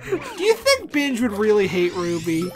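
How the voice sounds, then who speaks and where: A man co-hosting a let's play in casual chat, excitable, laughing often and swearing freely. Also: high voice, normal speed, faint music behind.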